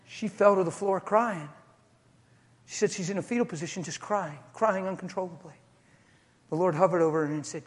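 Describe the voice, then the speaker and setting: A man preaching a sermon with passion, building to shouted appeals. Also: high-pitched, a little fast, creaky. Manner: impassioned, rising to shouts. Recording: echoey hall.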